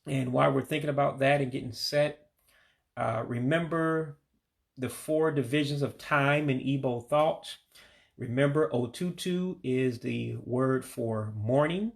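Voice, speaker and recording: Gravelly man teaching vocabulary. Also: medium pitch. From United States. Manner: patient, repeats each word slowly for practice. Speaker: language learner teaching vocabulary. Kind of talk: home-made vocabulary lesson.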